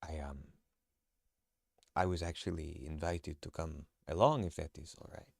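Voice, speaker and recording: A man voicing a gravelly, bashful male traveler. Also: fairly even intonation, moderate pace, no echo, studio quality, exaggerated voice. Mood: hesitant. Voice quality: very deep, gravelly. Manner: hesitant, stammering. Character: timid, halting male traveler. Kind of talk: tabletop role-play.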